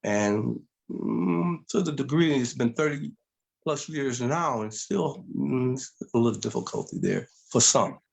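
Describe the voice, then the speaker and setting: A middle-aged man telling his story as an interview guest, animated and acting out voices in quotes. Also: mid-range voice, a little slow, vocal fry.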